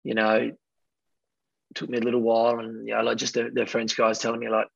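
A man's voice: medium pitch, completely flat delivery, a little fast, creaky, dry recording. An Australian man in his thirties, a guest telling rambling, laughing anecdotes in a casual way. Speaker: guest rugby player. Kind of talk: casual storytelling. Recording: dull, dry lo-fi audio.

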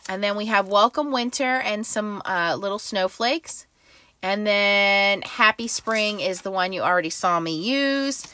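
A woman's voice: mid-range voice, unhurried, sharp tone, no echo. A middle-aged woman casually demonstrating new stamp sets, chatty and enthusiastic, with fillers. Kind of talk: casual craft product demo.

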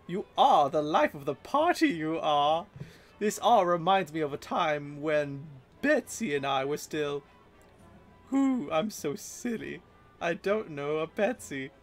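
A man plays a tipsy woman rambling happily in a tavern. She giggles and drifts off mid-thought in a raised, slowed voice, with faint music behind. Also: fairly high pitch, lively intonation. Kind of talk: reading game dialogue aloud.

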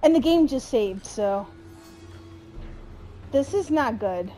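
A woman playing a horror game and commenting, frightened, swearing and yelling at the game. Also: fairly high pitch, lively intonation, takes it slowly, soft background music. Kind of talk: horror let's play commentary.

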